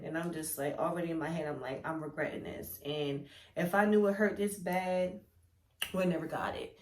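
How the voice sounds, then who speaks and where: Candid young woman telling a story in an echoey room. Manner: animated and candid, acts out quoted lines with big pitch jumps. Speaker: vlogger. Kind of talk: storytime vlog.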